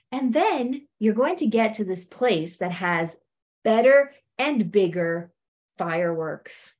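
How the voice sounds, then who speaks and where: A woman giving a motivational talk on marriage to a women's group, lively and conversational, acting out quoted voices and often checking in with "okay?". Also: a little high. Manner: animated, acts out quoted voices, frequent "like" and "okay?". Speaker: speaker addressing a women's group.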